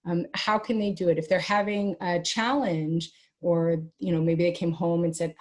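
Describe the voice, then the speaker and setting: A middle-aged woman with a fairly low voice speaks as an interview guest. She talks in an animated, chatty way and acts out little family dialogues as she explains. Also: moderate pace. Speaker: guest expert on teen mental health. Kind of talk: conversational interview advice.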